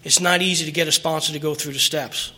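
A man's voice: a little high, steady tone, fast, sharp tone. A middle-aged man telling his personal recovery story at a meeting, earnest and emotional, rambling with restarts.

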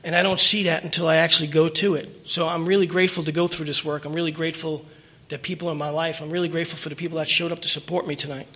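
A man's voice: on the high side, level tone, rapid-fire, few pauses, sharp tone. A middle-aged man telling his personal recovery story at a meeting, earnest and emotional, rambling with restarts.

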